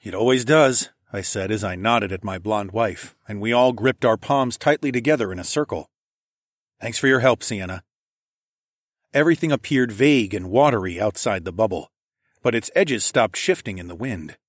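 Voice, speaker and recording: A man's voice: fairly low pitch, brisk, dry recording, studio quality. A man narrating a fantasy story in first person, reading steadily. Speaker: audiobook narrator.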